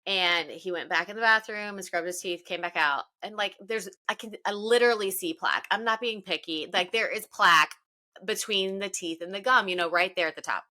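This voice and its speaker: A woman's voice: medium pitch, a little fast, bright, forceful tone. A woman in her thirties co-hosting a casual chat, telling emotional stories. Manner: chatty, emotional storytelling. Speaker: podcast co-host.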